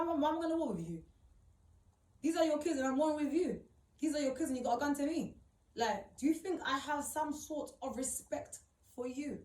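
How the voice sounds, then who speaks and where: A young woman talks through her own story in a high, emotional voice. She is blunt and slangy and swears freely. She sounds set back from the mic, and the room around her echoes. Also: darkish tone. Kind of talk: personal account, casual monologue. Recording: roomy, distant mic.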